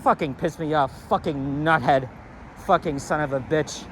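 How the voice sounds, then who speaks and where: A man's voice: on the high side, normal speed, fairly bright tone, a little hiss or hum. A man walking outdoors and ranting angrily with lots of swearing, rambling as he talks to the camera. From Canada. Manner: angry, profane, rambling rant. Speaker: walking vlogger. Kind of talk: casual ranting walk-and-talk. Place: city street outdoors near traffic.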